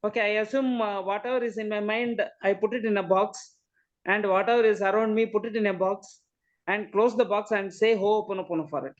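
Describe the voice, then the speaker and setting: A woman's voice: mid-range voice, fairly even intonation, a little fast. Hesitant woman on a dull call. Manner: hesitant, many fillers and okays. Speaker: caller asking questions. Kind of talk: asking questions on a group call.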